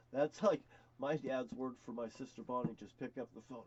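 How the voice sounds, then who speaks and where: A man's voice: medium pitch, quick pace, a little mellow, highs cut off. An older man rambling through a personal story, cursing freely and chuckling now and then.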